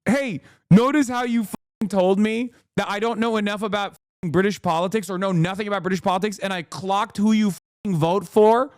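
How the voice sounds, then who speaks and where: An American man with a fairly high voice rants sarcastically through live political commentary. His swearing talk is quick and biting, recorded close and very dry. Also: no echo. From United States. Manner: sarcastic, fast, profane ranting.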